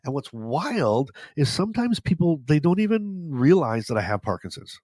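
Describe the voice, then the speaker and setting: A man's voice: fairly high pitch, big pitch swings, moderate pace, darkish tone, no room sound. A man hosting a podcast, telling stories in a casual, joking, self-deprecating way with a stuffy nose. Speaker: podcast host. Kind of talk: casual storytelling monologue.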